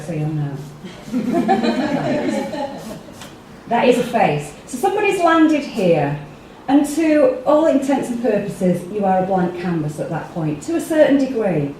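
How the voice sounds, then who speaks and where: Her mid-range voice has a sing-song lilt and a mellow quality, moving at a measured pace over a faint hiss or hum. She's an English-accented workshop speaker talking chattily to a small live audience in a meeting room and often asking them questions, captured by a far-off mic in an echoey room.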